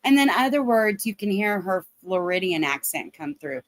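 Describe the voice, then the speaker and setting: A woman's voice: mid-range voice, very animated, moderate pace, dry recording. A woman with a Southern Ohio accent ranting bluntly and profanely as she comments on a livestream. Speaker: drama commentary streamer.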